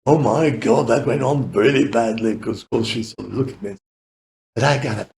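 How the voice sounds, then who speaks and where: A man's voice: mid-range voice, a little fast, creaky, darkish tone, roomy sound, slight background noise. A man in his eighties with a British accent, telling long rambling stories as a podcast guest, laughing often and swearing casually. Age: 80s. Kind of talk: rambling anecdotal storytelling.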